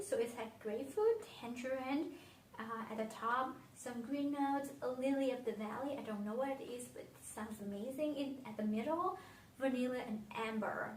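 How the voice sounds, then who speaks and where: A beauty vlogger, young and from Vietnam, shares her favourite scents in non-native English, sounding dreamy and reflective and often trailing off mid-thought. Her voice sits on the high side. The audio has slight background noise, a roomy echo, and she's a little far from the microphone.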